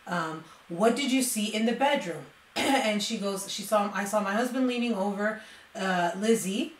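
Chatty woman telling true crime. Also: medium pitch. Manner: chatty, reads quotes aloud, frequent "like". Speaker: true crime video host. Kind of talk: casual true crime storytelling. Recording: roomy, distant mic with faint noise.

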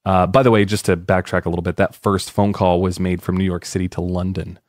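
Low-voiced man co-hosting a chatty podcast. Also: level tone, brisk, dry recording, clean studio sound. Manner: joking, rambling history telling. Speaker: podcast co-host. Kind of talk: casual podcast chat.

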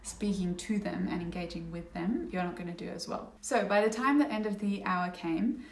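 A woman's voice: lowish voice, moderate pace, gravelly, recorded from a distance, slight background noise. A young woman vlogging casually to camera, rambling a little with fillers and restarts as she talks through an experience. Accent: Australian. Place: indoor room at home. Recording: echoey room, slightly off-mic.

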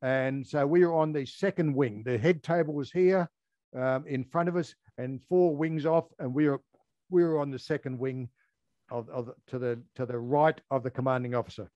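An older Australian man, a former air force firefighter, telling a story in an interview, halting with many ums and restarts. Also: mid-range voice, dark tone, no echo, highs cut off.

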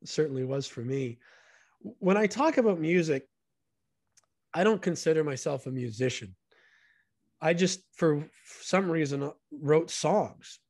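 A man's voice: a little high, lively intonation, a little slow, long pauses, darkish tone, dry recording, clean studio sound. A man, a guest on a podcast, telling stories in an earnest and enthusiastic way. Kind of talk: casual storytelling conversation.

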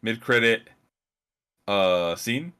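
A man chats about a movie in a loose, halting way, restarting sentences and swearing casually. His tone is bright and forward. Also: on the low side, smooth. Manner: halting, profane, laid-back. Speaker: podcast co-host.

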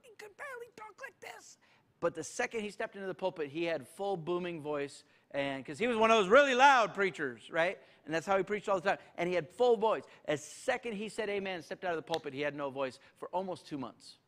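A man's voice: high-pitched, expressive, a little fast, few pauses, fairly bright tone. A male pastor, leading a church Q&A in a folksy, joking way. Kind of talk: church Q&A teaching.

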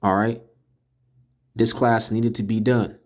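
A man teaching a casual class, correcting pronunciation in an emphatic way and slowly sounding out syllables one by one. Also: fairly low pitch, little pitch movement. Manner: slow, deliberate, repeats and sounds out syllables. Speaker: teacher of a religious language class. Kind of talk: casual spoken lesson.

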